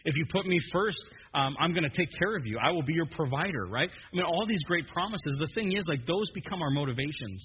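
A man preaching a joking, animated sermon as a pastor, stumbling and restarting often. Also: on the high side, brisk, a little hiss or hum. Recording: dull muffled sermon recording in a long-echo hall.

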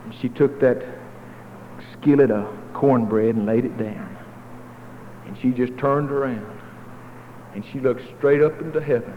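A male pastor telling stories in a sermon, folksy with dramatic swings between loud and hushed, recorded in a church hall. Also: mid-range voice, fairly even intonation, unhurried, pauses often. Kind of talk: sermon storytelling. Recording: tinny phone-like echoey hall, faint noise.

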